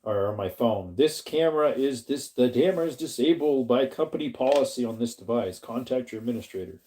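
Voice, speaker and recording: A middle-aged man hosting a relaxed livestream, with a dark, mellow tone. He rambles along in an easygoing way, laughs often and greets his chatters by name. His pitch sits in an ordinary middle range. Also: brisk, a little hiss or hum. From Arizona. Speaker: livestream host reading chat. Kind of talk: casual livestream chat.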